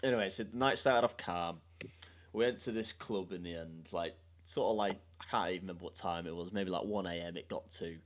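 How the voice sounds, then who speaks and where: A young man hosting a podcast, telling a story in a sweary, animated way and laughing along. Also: low-pitched, fairly quick. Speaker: podcast host. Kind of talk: casual storytelling chat.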